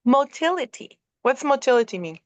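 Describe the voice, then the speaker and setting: A woman's voice: high voice, sing-song, moderate pace, no room sound. A middle-aged woman hosting a casual podcast, reading aloud and chatting, profane and laughing at herself. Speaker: podcast host. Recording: dull, dry lo-fi audio.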